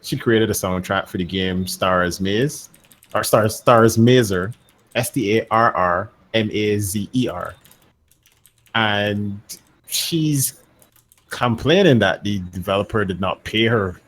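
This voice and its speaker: A man's voice: lowish voice, slow pace, fairly bright tone. A man co-hosting a casual gaming podcast, offhand and joking, swearing for laughs. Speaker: podcast co-host.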